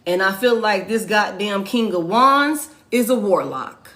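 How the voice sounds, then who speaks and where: This tarot reader has a mid-range, animated, somewhat bright voice and talks a little slowly. Her casual reading is profane and emphatic, with phrases repeated for effect.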